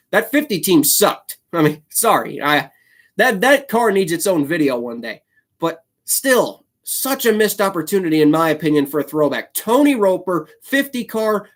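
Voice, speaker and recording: Man, solo video host, casual commentary, fired-up ranting, quick apologies. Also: sits high, a bit bright. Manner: frequent fillers and restarts. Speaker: YouTube host.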